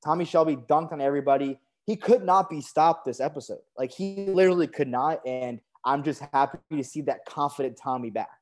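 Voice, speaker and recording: A man's voice: fairly high pitch, brisk, few pauses, darkish tone, soft background music. A man co-hosting a podcast, enthusiastically talking through a TV episode in casual chat. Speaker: podcast co-host.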